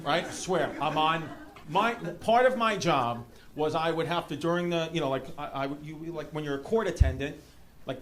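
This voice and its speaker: A man from New York City with a New York accent, doing a stand-up comedy set with rambling, animated storytelling. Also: on the high side. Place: comedy club stage. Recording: live club room with audience noise. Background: audience laughter.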